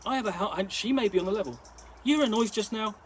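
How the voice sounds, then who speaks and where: A man voicing a shrewd woman adventurer who speaks calmly and firmly. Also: high voice, fast talker, slight background noise, voice pushed up, natural voice. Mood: probing.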